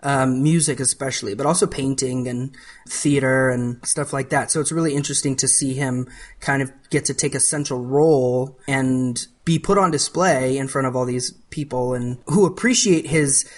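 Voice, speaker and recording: A man's voice: medium pitch, fairly even intonation, moderate pace. A man co-hosting a podcast in casual chat, rambling and often restarting his phrases. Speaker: podcast co-host.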